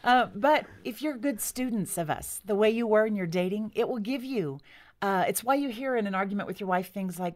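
A woman in her thirties, a guest author, telling personal stories in a lively conversational interview and acting out the lines she quotes. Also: medium pitch, a little fast. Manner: animated, acts out quoted lines.

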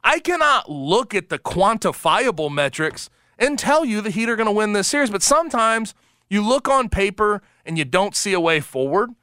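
Animated radio host guy, pitch all over the place, laughs easy. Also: clean tone, no echo, clean studio sound. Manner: animated, emphatic, quick to laugh. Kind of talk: sports talk radio banter. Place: radio studio.

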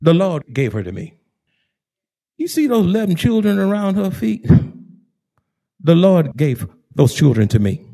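A man preacher acting out a joyful old male farmer who shouts praise, exuberant and repetitive. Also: sits high, big pitch swings, unhurried, creaky, long pauses, exaggerated voice. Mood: exultant.

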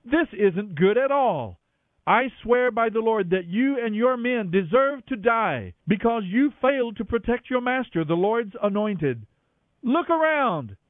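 A man's voice: extremely high pitch, big pitch swings, unhurried, no echo, pitched above the performer's own voice, full character voice. A man reading aloud and voicing a young male warrior who speaks in an impassioned, raised declamation. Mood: taunting. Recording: dry, tinny phone-like radio sound.

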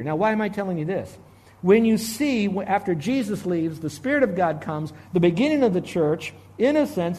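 A middle-aged man preaching a sermon, with emphatic, slow, stressed phrases and frequent restarts. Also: high-pitched, a little mellow. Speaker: pastor.

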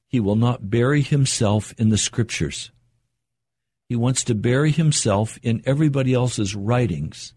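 Husky-voiced older man preaching. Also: mid-range voice, mellow, no echo. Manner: earnest, measured preaching with slow emphatic pauses. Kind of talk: sermon.

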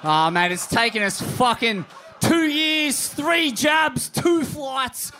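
A man with an Australian accent co-hosting a live comedy podcast, a foul-mouthed storyteller who rambles and often shouts. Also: very high voice, lively intonation, slow, background noise. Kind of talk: crude comedic surfer banter. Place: in front of a live crowd.

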